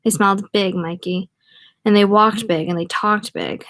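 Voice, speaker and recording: A woman's voice: medium pitch, fairly even intonation, moderate pace, fairly bright tone, no echo. Woman reading a novel aloud, dry sound. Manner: reads a novel aloud, breaking off for wry spoken comments. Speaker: audiobook reader. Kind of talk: casual read-aloud with asides.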